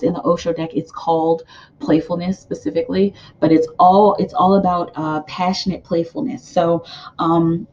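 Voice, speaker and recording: A woman giving a casual tarot card reading, rambling and animated, with many fillers and laughs. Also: fairly low pitch, muffled recording.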